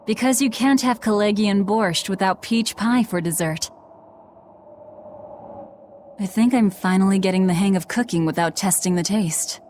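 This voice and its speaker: A woman's voice: mid-range voice, normal speed, long pauses, darkish tone, slight background noise, lightly acted. An actress voicing a blunt, guarded young woman in a video game, speaking in a terse, subdued way. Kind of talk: game voice acting.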